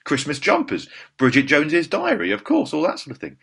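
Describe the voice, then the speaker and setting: A man's voice: on the high side, wildly swooping pitch, brisk, creaky, a bit bright, husky, pitched above the performer's own voice, heavily acted. A man mimicking a breezy, self-assured film star. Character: genial famous film actor, grown man, self-assured.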